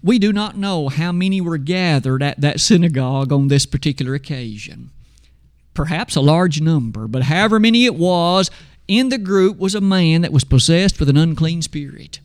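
A man delivering a sermon, reading scripture aloud with slow, emphatic pauses. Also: fairly high pitch, animated, no room sound, studio quality. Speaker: preacher.

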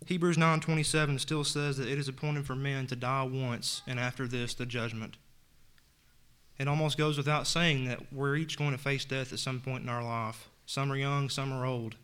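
Male preacher, mid-pitched, earnest sermon delivery, scripture reading. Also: little pitch movement, normal speed, few pauses, fairly bright tone, clean tone. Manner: earnest, reads scripture aloud and retells it in plain words.

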